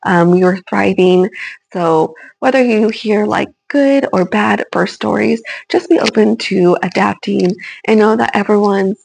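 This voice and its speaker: Chatty young mom with a creaky voice. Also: female voice, medium pitch, measured pace, darkish tone, no room sound, poor audio. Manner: chatty, frequent ums and likes. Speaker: new mother telling her birth story. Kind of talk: casual storytelling to camera.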